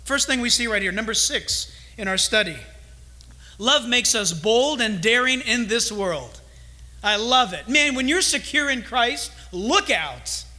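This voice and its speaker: A man's voice: very high voice, expressive, a little slow, pushed and bright. A man preaching a sermon as a pastor, emphatic and full of storytelling.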